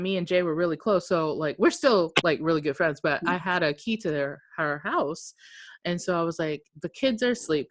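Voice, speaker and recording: A woman co-hosting a podcast, telling a long story in a casual way. She is animated, acts out what people said, and swears freely. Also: on the low side, no room sound. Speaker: podcast co-host.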